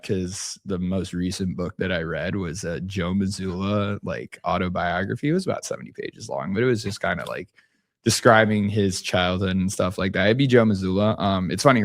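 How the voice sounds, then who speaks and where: A young basketball coach, appearing as a guest, speaks in a very deep, low voice with a relaxed, easygoing manner at a moderate pace. His talk wanders and restarts mid-sentence like loose podcast conversation, recorded close and dry with no echo or room sound.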